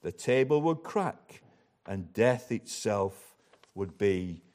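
A man reading aloud the words of a great, majestic lion from a storybook, grave and measured. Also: lowish voice, lively intonation, darkish tone, voice pushed down. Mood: solemn. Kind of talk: storybook read aloud in a sermon.

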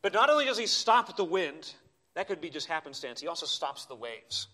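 A man preaching a sermon in a church, impassioned, swinging between urgent cries and quiet asides. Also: fairly high pitch, sing-song, fairly quick. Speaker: pastor.

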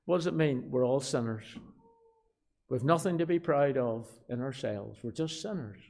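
A man with a Belfast accent preaching a sermon, shifting from quiet asides to loud, emphatic declarations and repeating key phrases. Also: medium pitch, normal speed, creaky. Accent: Northern Irish, Belfast. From Northern Ireland. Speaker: pastor.

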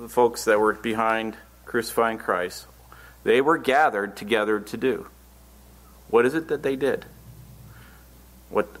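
A man's voice: mid-range voice, a bit bright. A man preaching a Bible-teaching sermon, reading scripture verses aloud and then explaining them in earnest, plain words.

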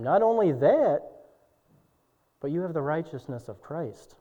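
A young man preaches a slow, fervent sermon, his voice sitting a little high and falling to a near hush before rising to booming exclamations. He is recorded from a distance in a church hall with a long echo and a dull, muffled sound. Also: sing-song. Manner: swings from hushed to booming exclamations. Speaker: pastor.

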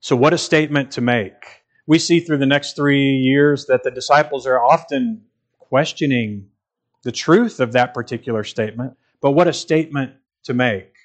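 A man's voice: mid-range voice, normal speed. A man preaching a sermon in an earnest, emphatic way, repeating phrases for stress.

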